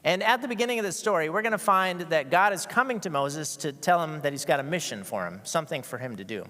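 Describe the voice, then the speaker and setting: A man's voice: fairly high pitch, expressive, quick pace, bright, forceful tone. A man preaching a casual, conversational sermon to a church congregation, joking and often restarting his sentences. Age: adult with school-age kids. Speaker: guest preacher. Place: church sanctuary with a masked congregation. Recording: long reverb of a large hall.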